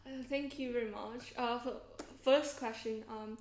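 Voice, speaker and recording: A young woman with a light British-Australian tinge to her accent, chatting as a podcast guest, halting with fillers and restarts. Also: a little high, fairly even intonation, a little mellow, roomy sound, slight background noise. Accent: mixed British and Australian tinge. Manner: hesitant, many fillers and restarts. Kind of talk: casual podcast interview.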